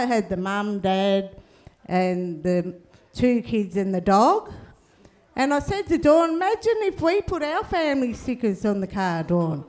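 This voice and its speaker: A middle-aged woman, telling stand-up stories in a laid-back, cheeky way and tagging lines with "eh?". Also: a little high. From Australia. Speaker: comedian. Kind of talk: stand-up storytelling.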